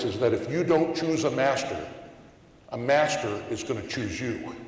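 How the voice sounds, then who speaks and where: A man's voice: mid-range voice, a little mellow, slight background noise. A middle-aged man giving a commencement speech at a podium, telling stories in a folksy way with repeated starts. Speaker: commencement speaker. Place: large hall at a graduation ceremony. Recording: echoey hall with long reverb.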